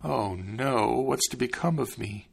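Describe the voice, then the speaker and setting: A man's voice: mid-range voice, a little slow, gravelly, husky, heavily acted. A man voicing an anxious young suitor.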